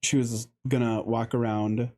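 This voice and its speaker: A man co-hosting a podcast, chatting loosely and recounting a story with lively, acted-out dialogue. His voice is mellow and warm, sitting at an ordinary middle pitch, and he laughs easily as he goes. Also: measured pace. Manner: animated storyteller who acts out other people's lines; laughs often. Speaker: podcast co-host. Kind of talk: casual chat.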